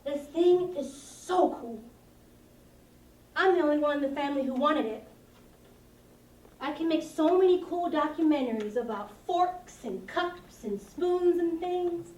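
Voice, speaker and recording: A woman's voice: sits high, lively intonation, a little slow, warm tone. A woman playing a lonely, awkward seventh-grade girl who rambles and giggles self-consciously while confiding to her camcorder. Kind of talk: confessional monologue to a camcorder. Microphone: camcorder mic. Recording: roomy sound from a distance.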